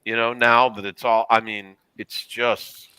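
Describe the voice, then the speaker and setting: A man's voice: medium pitch, flat delivery, a little slow, pushed and bright, clean tone, low-quality recording. A man chatting casually on a podcast and telling rambling anecdotes with asides. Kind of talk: casual chat.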